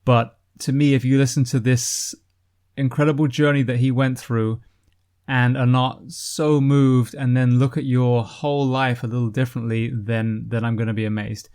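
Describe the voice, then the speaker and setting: A man's voice: mid-range voice, flat delivery, normal speed, a little mellow, smooth. A man hosting a podcast, speaking earnestly and emphatically, with frequent fillers, as he introduces his guest and starts the interview. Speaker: podcast host.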